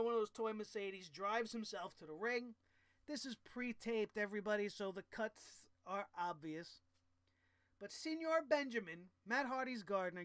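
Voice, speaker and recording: A man's voice: high voice, bright, forceful tone, smooth, dry recording, clean studio sound. A man recapping a wrestling show in a casual, profane and exasperated rant, full of sarcasm.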